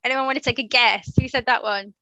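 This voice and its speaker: Bright-voiced woman teaching online. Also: on the high side, fairly even intonation, quick pace, dry recording, low-quality recording. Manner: encouraging, quizzes students and praises answers. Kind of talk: live online lesson.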